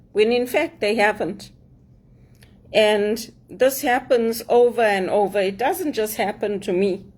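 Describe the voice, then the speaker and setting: A woman's voice: mid-range voice, a little mellow. A woman with a mix of English and African accent, giving an earnest, emphatic personal monologue to camera and repeating her points. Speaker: vlogger.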